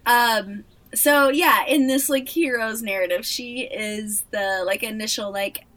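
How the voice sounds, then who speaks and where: Woman podcast co-host, bright higher voice, chatty, easy laughs. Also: measured pace, recorded from a distance. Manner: chatty, lots of fillers, expressive laughs. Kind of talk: casual podcast chat.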